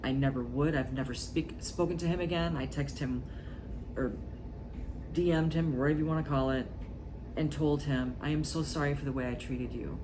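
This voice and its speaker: A woman vlogger speaking in short, halting, earnest phrases in a confessional talk to camera. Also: extremely low pitch, fairly even intonation, noisy background.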